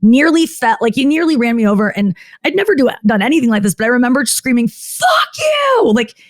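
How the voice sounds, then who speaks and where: A woman comedian talks frankly as a podcast guest, her voice sitting a little high. She rambles, cuts herself off, and fills her sentences with "like." When she quotes other people, her pitch jumps up. The sound is close and dry, with no room echo. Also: expressive, fast. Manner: rambling, frequent "like", self-interrupting. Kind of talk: candid podcast interview.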